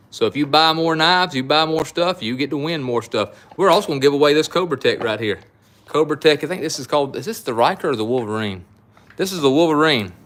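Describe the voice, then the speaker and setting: A man's voice: a little high, a bit bright. A middle-aged man, hosting a live knife sale and chatting in a folksy, rambling way with his viewers. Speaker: knife shop host. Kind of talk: casual live-stream sales chat.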